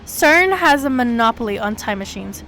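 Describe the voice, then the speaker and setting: A woman streamer reading a visual novel aloud, with sudden excited leaps in her voice. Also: normal speed, a little hiss or hum. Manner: animated reading with sudden high excited jumps.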